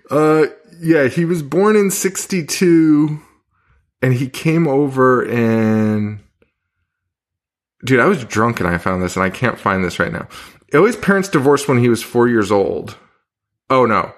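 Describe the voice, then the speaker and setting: A man in loose, casual chat on a horror podcast, dropping profanity and laughing between quick bursts of talk. His voice sits at an ordinary middle pitch, and he talks with easy, rambling energy. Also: very animated. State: hungover. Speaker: podcast co-host.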